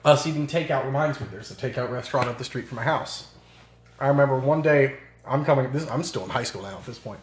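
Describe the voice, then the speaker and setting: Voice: mid-range voice, fast. A podcast co-host telling family anecdotes with laughter and casual swearing, recorded in a basement. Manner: laughing, profane anecdote teller. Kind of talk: casual chat. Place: suburban basement. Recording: roomy basement echo, faint hiss.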